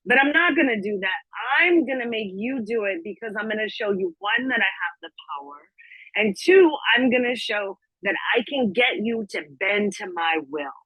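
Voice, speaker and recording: A woman's voice: mid-range voice, lively intonation, a bit bright, slightly rough, dry recording, poor audio. A woman guesting on a podcast, speaking emphatically in casual chat and often jumping in to agree or correct. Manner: emphatic, quick to agree and jump in. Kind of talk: casual conversation.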